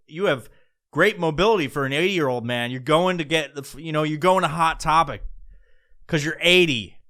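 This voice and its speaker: A man's voice: fairly high pitch, bright, forceful tone. Profane, rambling man ranting for laughs. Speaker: podcast host. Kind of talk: comedic rant.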